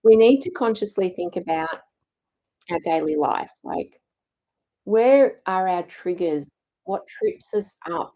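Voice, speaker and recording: A woman's voice: medium pitch, expressive, slow, dark tone, poor audio. A middle-aged woman coaching a challenge group on mindset, earnest and encouraging, acting out inner self-talk.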